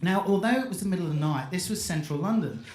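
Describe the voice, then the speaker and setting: A man's voice: high-pitched, expressive, quick pace, a little mellow. A man giving a playful storytelling talk on stage at a live event, acting out the quotes. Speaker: event speaker. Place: live event hall with audience. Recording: echoey live hall recording.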